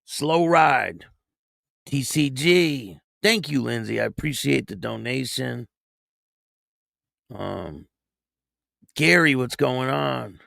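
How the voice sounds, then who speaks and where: A man's voice: mid-range voice, animated, slow, vocal fry, long pauses, fairly bright tone, no echo, clean studio sound. A man hosting a casual livestream, greeting viewers by name and reading news stories aloud with small stumbles. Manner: reads chat names and donations aloud, reads news with stumbles. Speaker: online show host.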